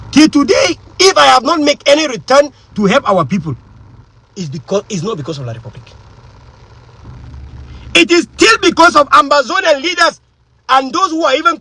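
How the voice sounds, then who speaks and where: A woman giving an impassioned political monologue as an activist, emphatic and full of rhetorical questions, with a husky voice. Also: high voice, fairly bright tone, low-quality recording.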